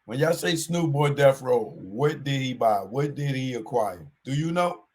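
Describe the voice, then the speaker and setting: Slow-talking man giving street warnings. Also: mid-range voice. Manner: animated street talk, repeats warnings. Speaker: show host. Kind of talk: casual commentary monologue.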